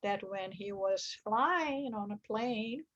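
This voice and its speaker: A woman's voice: lively intonation, takes it slowly, fairly bright tone, dull audio. A woman leading a religious study class, earnest, reading passages and explaining them. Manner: earnest, acts out quoted screams with high bursts. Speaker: study group teacher.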